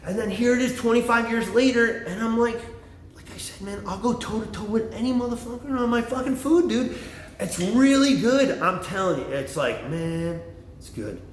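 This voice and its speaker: Loud sweary middle-aged guy ranting on his vlog, high voice that jumps all over, echoey room. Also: normal speed, slight background noise. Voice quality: extroverted and excitable. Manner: animated, swearing, jumps between topics. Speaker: vlogger. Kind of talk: profane rambling monologue.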